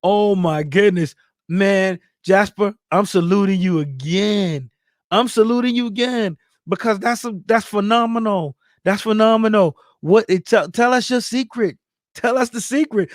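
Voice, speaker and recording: Man, high voice, dry close sound, hyped shout-outs, speech, casual livestream host. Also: normal speed, no echo. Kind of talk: casual livestream chat reading viewer comments.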